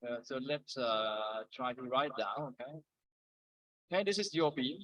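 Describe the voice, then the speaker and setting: A man's voice: medium pitch, expressive, measured pace, a bit bright, muffled recording. A middle-aged man lecturing a university engineering class live, mixing explanation with chatty, joking asides.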